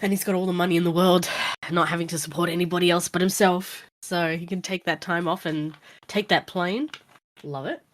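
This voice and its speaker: A woman game master narrates a tabletop game casually and ramblingly, her low voice steady and a little fast. The recording is dry and close, with no room sound.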